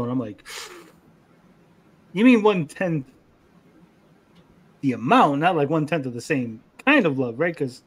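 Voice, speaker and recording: A young man co-hosting a casual anime review, animated, acting out character lines in funny voices. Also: on the high side, moderate pace, pauses often, breathy edge. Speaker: podcast co-host.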